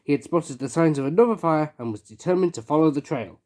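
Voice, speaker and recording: Expressive storybook reader. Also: mid-range voice, quick pace. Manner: expressive, gasps for effect. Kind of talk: children's story read-aloud.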